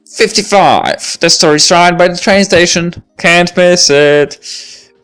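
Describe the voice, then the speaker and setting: A woman voicing a gentle, fond old grandfather while reading a visual novel aloud. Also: lowish voice, clean tone, faint music behind, pitched above the performer's own voice. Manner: slow, fond, grandfatherly delivery.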